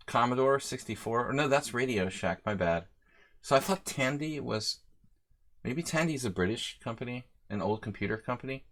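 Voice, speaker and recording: A man with a mid-range, fairly bright voice hosts a live chess stream. He chats casually and rambles while reading out viewers' names.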